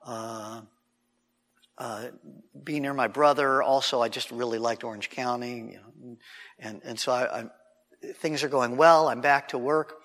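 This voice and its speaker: A man's voice: medium pitch, unhurried. Man telling a sermon story in a reverberant hall. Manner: animated, conversational, frequent restarts. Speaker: preacher.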